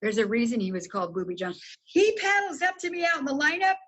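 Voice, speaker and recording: A woman guest telling a story in casual, animated talk, swearing freely and jumping up in pitch when excited. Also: fast talker, a little hiss or hum, rough recording. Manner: animated, profane, swoops high when excited.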